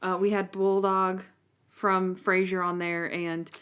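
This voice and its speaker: A woman's voice: on the low side, flat delivery, slow pace, a bit bright, clear, resonant tone. Woman, podcast co-host, casual chat, rambling, retells scenes with quotes.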